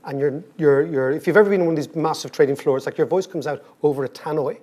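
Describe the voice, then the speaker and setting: An Irish man in his fifties, a conference speaker telling comic stories with lively, irreverent asides and casual swearing. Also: fairly high pitch, quick pace. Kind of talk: comic storytelling talk.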